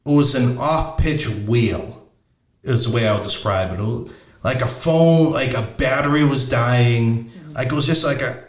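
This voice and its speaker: A man's voice: mid-range voice, measured pace, echoey room. A middle-aged man telling a story casually, blunt and profane, often restarting as he searches for words. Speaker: podcast host.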